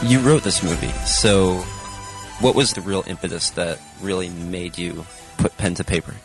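Deep-voiced male interviewer, faint music behind. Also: steady tone, gravelly. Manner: casual, halting questions with "uh" and "um". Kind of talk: interview questions.

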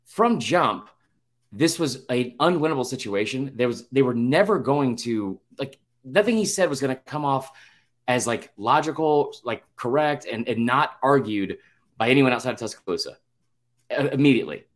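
A man's voice: medium pitch, lively intonation, normal speed. Rambling, profane man talking college football. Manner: rambling, profane, many restarts and fillers. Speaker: podcast co-host. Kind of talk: casual sports chat.

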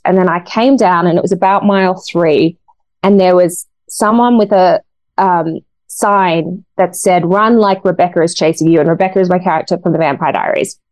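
A woman's voice: mid-range voice, steady tone, normal speed, darkish tone, no echo. Woman, thirties, interview guest, earnest, emotional, dry close mic. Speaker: guest, actress. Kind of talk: casual interview talk.

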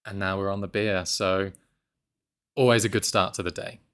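Male podcast host, casual, self-mocking, lots of laughter, lowish voice. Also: steady tone, moderate pace, a bit bright, clean tone. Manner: laughs often, self-deprecating. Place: apartment in Mexico.

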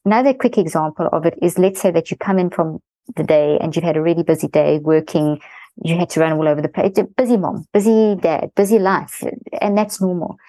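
A middle-aged woman, a guest expert in an interview, explaining a parenting method in fast-flowing, animated talk. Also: lowish voice, dry recording, poor audio.

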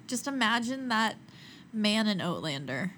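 A young adult woman co-hosting a history podcast, chiming in with quick quips. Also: medium pitch, very animated, fairly bright tone, slight background noise. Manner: quippy, chiming in with quick jokes. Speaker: podcast co-host. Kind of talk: casual history chat.

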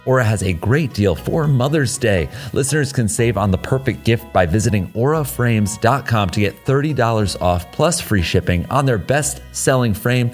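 A podcast host reading a sponsor ad in an upbeat, salesy manner. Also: male voice, mid-range voice, expressive, normal speed, hardly any pauses, soft background music. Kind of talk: read sponsor ad.

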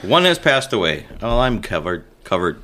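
A middle-aged man co-hosting a podcast, chatting casually and joking over cocktails in an animated way. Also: on the low side, normal speed. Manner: animated, joking, trails off mid-sentence. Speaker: podcast co-host.

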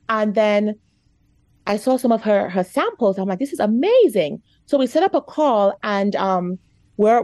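A woman's voice: mid-range voice, dark tone, no echo. A woman guest author telling a personal story in an interview, chatty and full of "like" and "you know", getting emotional. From America. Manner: chatty, lots of "like" and "you know", gets choked up.

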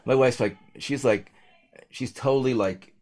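A man's voice: mid-range voice, measured pace, darkish tone. A man, a guest singer-songwriter, chatting casually and rambling with lots of fillers. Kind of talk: casual chat.

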